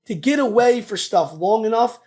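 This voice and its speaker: A man in his thirties with a Philadelphia accent, telling his story in a casual interview, animated and loose, saying "dude" a lot. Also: high-pitched, normal speed. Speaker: guest.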